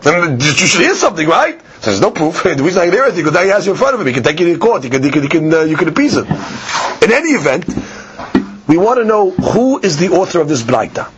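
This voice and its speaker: A man teaching a daily Talmud lesson, reading Aramaic lines and explaining them in in an animated way. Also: fairly high pitch, fast talker, a little hiss or hum. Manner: explains Aramaic text line by line in English, animated. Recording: muffled lo-fi podcast recording.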